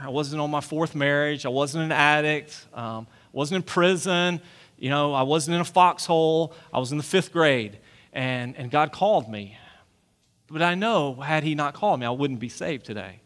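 A man's voice: a little high, fairly bright tone. A man in his forties preaching a sermon in a church, earnest and pleading, often asking the listeners questions. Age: 40s. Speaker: pastor. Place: church sanctuary.

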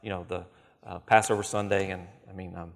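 A pastor teaching a conversational, emphatic sermon in church, reading scripture passages aloud. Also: male voice, deep voice, level tone, fairly quick, gravelly, big-room sound.

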